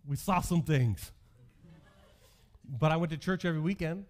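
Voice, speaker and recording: A man's voice: fairly high pitch, moderate pace. A male pastor in his thirties giving a sermon, telling stories from his youth with self-deprecating humor.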